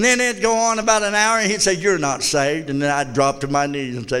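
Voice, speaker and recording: A man's voice: fairly high pitch, expressive, moderate pace, hardly any pauses, fairly bright tone, clean tone. A fervent older man preaching a sermon in a church, calling out to the congregation. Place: church hall. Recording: reverberant church hall.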